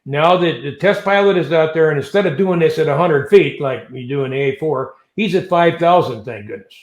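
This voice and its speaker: An older man, a retired navy pilot, telling animated stories as an interview guest and acting out voices and sounds. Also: a little high, fairly quick, roomy sound. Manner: animated storyteller who acts out voices and sounds. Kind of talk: storytelling in an interview.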